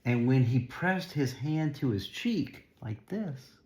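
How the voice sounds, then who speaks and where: A man's voice: medium pitch, lively intonation, takes it slowly, a little mellow. A man reading a picture book aloud to a child, stopping casually to point at the pictures and explain. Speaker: storybook reader.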